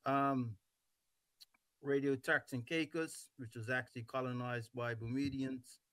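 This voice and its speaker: A man hosting a radio talk show, relaxed and teasing as he wraps up the show. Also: medium pitch, a little slow, dry recording. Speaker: host.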